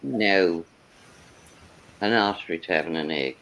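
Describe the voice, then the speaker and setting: Lively, expressive woman guest on a video call. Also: very deep voice, normal speed, rough recording. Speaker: panel guest. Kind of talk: casual chat.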